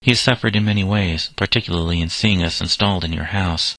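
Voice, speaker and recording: Kind, calm doctor's wife, read by a man. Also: sits low, fast, dry recording, exaggerated voice, poor audio. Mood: gentle.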